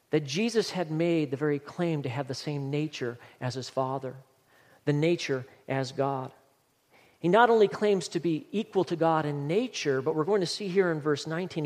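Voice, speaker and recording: Male pastor, emphatic sermon delivery, a touch high-pitched, recorded with long reverb in a church sanctuary. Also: darkish tone. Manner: earnest, emphatic preaching with scripture reading.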